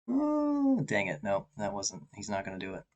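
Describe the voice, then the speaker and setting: A man streaming an online chess game, thinking aloud in an anxious, self-deprecating way. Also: low voice. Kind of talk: live commentary while playing online chess.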